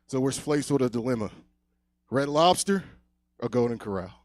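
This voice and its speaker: A young man doing a stand-up set on a comedy club stage, telling a long story, often dropping to a hush, then getting loud again. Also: medium pitch, animated, normal speed, no room sound. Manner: loose storytelling, swings loud and quiet.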